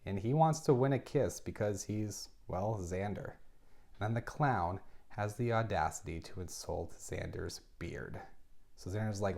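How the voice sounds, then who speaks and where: A man's voice: fairly low pitch, a little slow, darkish tone. A man casually recapping a novel, dropping wry personal asides between plot points. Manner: chatty, wry asides with laughs. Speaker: book review host.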